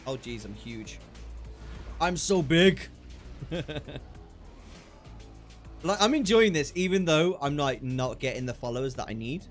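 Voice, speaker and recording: A man chatting casually on a live stream while gaming, excitable and quick to laugh, often restarting his sentences. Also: medium pitch, faint music behind. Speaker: livestreamer.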